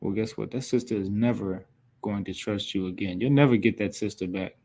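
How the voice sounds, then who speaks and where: A man's voice: lowish voice, a little fast, a little mellow. A man teaching a scripture class in a blunt, scolding, profane way. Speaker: class instructor. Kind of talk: preaching scripture lesson.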